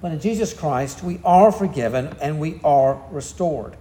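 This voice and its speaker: A pastor with a Southern US accent preaches a sermon, spinning the story in a folksy, easygoing way with drawling asides. His voice is a little high and mellow, his pace unhurried, and the sound feels roomy.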